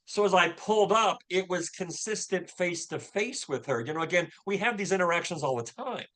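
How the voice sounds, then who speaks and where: Man, fifties, earnest storyteller, slightly high voice, bright and forceful tone, frequent fillers and restarts. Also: lively intonation, a little fast. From Louisville, Kentucky. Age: 50s. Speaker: podcast guest. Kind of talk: personal storytelling in a casual interview.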